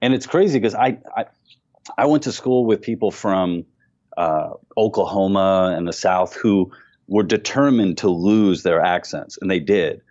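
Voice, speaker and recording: A comedian from Queens with a faint New York accent, chatting as a guest on a podcast and telling stories in an animated, self-mocking way. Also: low voice, measured pace, lo-fi sound. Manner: animated storyteller, self-mocking, many restarts. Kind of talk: casual podcast interview.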